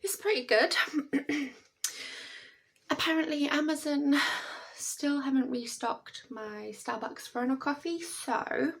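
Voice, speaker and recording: A woman's voice: high-pitched, takes it slowly, creaky. A British woman chatting to camera at home in a rambling, chatty way, laughing often. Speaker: vlogger. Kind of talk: casual chat to camera.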